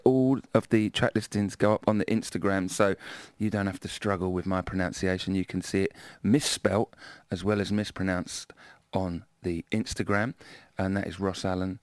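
A man with a South London accent, back-announcing records on a music radio show in a relaxed, self-deprecating way. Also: fairly low pitch, clear, resonant tone, no echo. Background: faint music.

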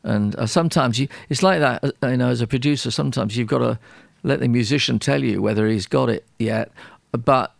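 A man, a record producer, telling a story in an interview, animated and self-deprecating, with frequent restarts. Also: mid-range voice, fairly quick, gravelly, hardly any pauses, dry recording, studio quality. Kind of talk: anecdotal storytelling in a radio interview.

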